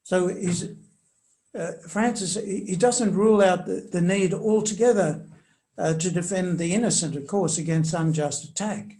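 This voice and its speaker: An older man answering interview questions in a measured, hesitant way with many fillers, reading quoted passages aloud with emphasis. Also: sits high, mellow. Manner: reads quotations aloud with emphasis. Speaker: commentator on church social teaching.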